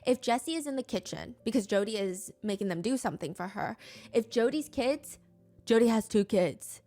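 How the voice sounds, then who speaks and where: A woman's voice: on the high side, lively intonation, normal speed, mellow, soft background music. Woman telling a true crime story. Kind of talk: storytelling narration.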